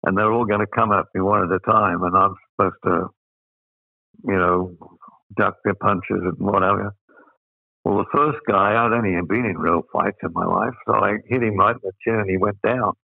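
A man's voice: fairly low pitch, steady tone, moderate pace, creaky, no echo, phone-quality sound. An older Australian man telling rambling anecdotes as an interview guest, full of fillers. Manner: rambling, with many uh fillers and laughs. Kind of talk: anecdotal storytelling.

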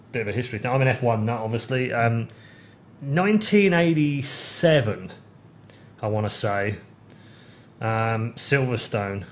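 Animated man telling a story. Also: slight background noise. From United Kingdom. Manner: animated storytelling, swings up in pitch when excited. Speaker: podcast host. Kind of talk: casual chat.

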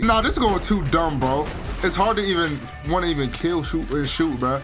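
A man's voice: fairly high pitch, normal speed, hardly any pauses, a bit bright. A young man giving chatty, emotional gameplay commentary, saying "bro" a lot. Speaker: gaming video creator. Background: game soundtrack music.

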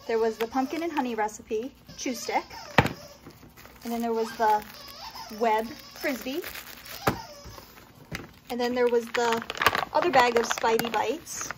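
A woman with a fairly high voice talks slowly and gently in a casual home vlog, showing off dog toys and treats and sweetly coaxing her dogs along the way. A steady hiss of noise sits under the recording. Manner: gentle, coaxing the dogs between item descriptions. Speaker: dog owner reviewing a subscription box.

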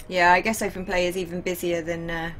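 A woman's voice: lowish voice, level tone, fast talker, fairly bright tone, soft background music. A woman streaming a game, chatting casually and laughing often. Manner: chatty, laughs often, reads chat aloud. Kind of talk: casual live-stream chat.

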